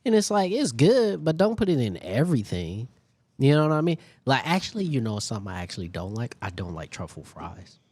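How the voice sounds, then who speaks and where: A man's voice: fairly high pitch, sing-song, fairly quick, a little mellow, no room sound. A man co-hosting a casual food podcast, talking animatedly with lots of fillers and sometimes eating as he speaks. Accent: Detroit, Michigan. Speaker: podcast co-host. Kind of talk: casual chat.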